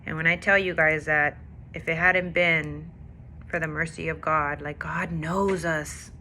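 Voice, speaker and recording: A woman's voice: sits low, steady tone, a little slow, pushed and bright, slight background noise. Candid woman sharing a faith testimony. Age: adult with a daughter. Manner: candid, confessional, emotional storytelling. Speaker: faith vlogger. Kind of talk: personal testimony vlog.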